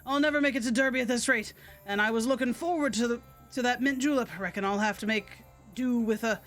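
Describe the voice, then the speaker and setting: A woman puts on a courtly Southern gentleman vampire, portly and old-fashioned, with a folksy drawl. The voice sits a little high and sounds bright and sharp, with soft music playing underneath. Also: fast talker, lightly acted.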